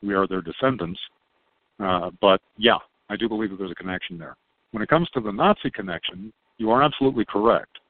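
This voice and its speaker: Calm low-voiced man on a tinny line. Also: no echo. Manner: calm, unhurried explaining. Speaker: podcast guest. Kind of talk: casual podcast conversation. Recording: tinny phone-line sound, dry.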